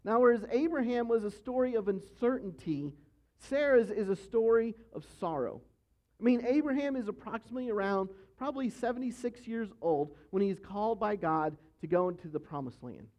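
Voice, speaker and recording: A man's voice: high-pitched, animated, fairly quick, darkish tone. A man preaching a sermon as pastor, teaching earnestly and emphatically and repeating his key points. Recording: dull, lo-fi sound.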